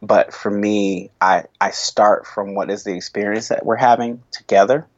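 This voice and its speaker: A worship leader talking through his experiences in a thoughtful, halting way, often restarting his sentences. He is a man with a lowish voice. The recording is dry and a little dull, with a slightly lo-fi sound. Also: fairly even intonation, dry recording. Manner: thoughtful, halting, with frequent restarts and soft laughs. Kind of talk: reflective interview conversation.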